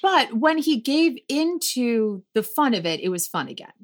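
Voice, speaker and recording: A woman in casual conversation about plays she has read aloud, animated and laughing often as she acts out quoted lines. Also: a little high, moderate pace. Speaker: podcast co-host discussing plays. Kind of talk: casual chat.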